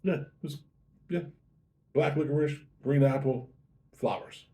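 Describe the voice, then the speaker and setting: Casual male host for a tasting review, warm low-key delivery, chatty and unhurried. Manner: chatty, easygoing, self-correcting.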